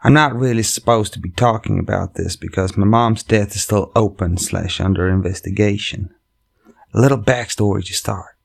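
A man with a low, gravelly voice hosts a casual story-reading show into a microphone. He wanders off track, swears often and breaks off mid-sentence to restart. The delivery is loose, unpolished comic chat. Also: moderate pace. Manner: rambling, profane, self-interrupting. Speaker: comedian and podcast host. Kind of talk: casual chat and reading online stories aloud.

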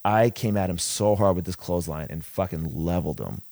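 Man, low voice, rambling profane storyteller, dry close mic. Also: a little fast, creaky, mellow, dry recording. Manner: rambling, profane, many restarts. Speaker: wrestler telling a story. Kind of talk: casual podcast storytelling.

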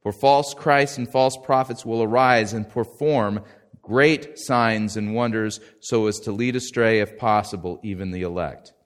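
A man preaching a sermon in a folksy, conversational way, swinging from quiet asides to loud, emphatic quoted lines. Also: lowish voice, a little slow. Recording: long hall reverb.

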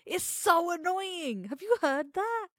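A woman co-hosting a podcast in casual chat, expressive, swearing and laughing a lot. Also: very high-pitched, slow pace, no room sound, clean studio sound. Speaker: podcast co-host, parent of three.

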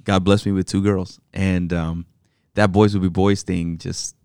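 A man's voice: low-pitched, level tone, unhurried, clear, resonant tone, dry recording, studio quality. A man co-hosting a casual chat, responding with encouraging affirmations. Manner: warm affirming interjections.

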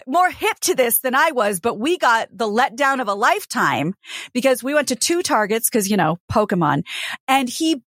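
A woman's voice: fairly high pitch, normal speed, dry recording, clean studio sound. A woman co-hosting a podcast, chatting casually and telling stories with plenty of acted-out back-and-forth. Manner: animated storytelling, acting out both sides of exchanges. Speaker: podcast co-host. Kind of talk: casual chat.

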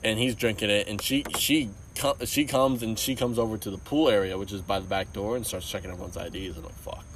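A man's voice: on the low side, fast, distant mic, slight background noise. A man telling a rambling bar story on a podcast, restarting and swearing a lot. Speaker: podcast co-host. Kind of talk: casual storytelling.

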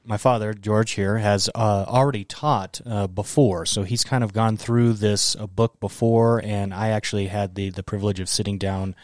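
A man co-hosting a podcast in casual chat, talking haltingly with many filler sounds. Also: lowish voice, fairly even intonation, dry recording, studio quality. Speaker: podcast co-host.

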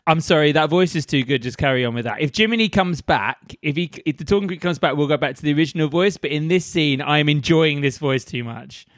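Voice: mid-range voice, fast, few pauses, no echo, clean studio sound. A man co-hosting a podcast, chatting casually and joking animatedly about the story. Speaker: podcast co-host. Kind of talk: casual chat.

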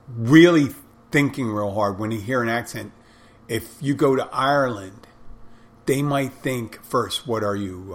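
A man talking casually on his own, rambling with restarts and asides, blunt and sometimes swearing. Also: medium pitch. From United States. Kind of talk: casual monologue.

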